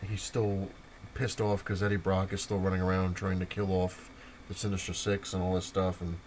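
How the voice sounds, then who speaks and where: A young man with a low voice talks through comics in a loose, rambling vlog. He leans on fillers and chuckles as he goes. A faint room hum sits behind him. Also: flat delivery, moderate pace, darkish tone. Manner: rambling, filler-heavy retelling with laughs. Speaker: comic book vlogger. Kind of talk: casual comic review vlog.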